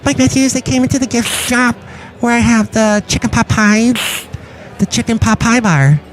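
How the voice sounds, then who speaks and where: A man voicing a fussy male gift shop keeper in a high, clipped voice. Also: moderate pace, soft background music.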